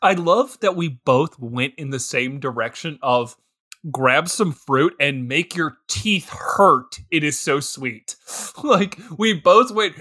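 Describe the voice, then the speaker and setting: A man's voice: fairly high pitch, a little slow, sharp tone. A young man co-hosting a casual comedy podcast about a movie, laughing often and putting on exaggerated voices when he quotes people. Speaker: podcast co-host.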